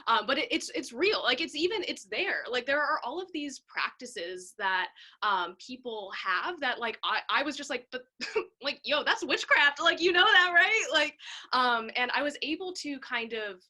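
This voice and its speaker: A woman interviewer with a fairly high, bright, lively-edged voice, chatting in a bubbly way, full of fillers and quick to poke fun at herself. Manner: bubbly, filler-heavy, self-deprecating. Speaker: podcast host. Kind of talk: casual interview chat.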